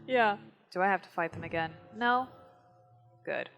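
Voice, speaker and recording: A woman chatting casually while playing a video game, excitable and given to frustrated swearing outbursts. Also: fairly low pitch, normal speed, lo-fi sound, faint music behind. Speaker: let's play gamer. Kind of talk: casual gameplay chat.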